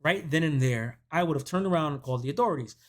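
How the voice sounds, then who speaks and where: A man's voice: fairly high pitch, fast. A man who hosts a movie review channel, giving a casual recap of a horror film and acting out the characters' lines as he goes. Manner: animated storytelling that acts out quoted dialogue.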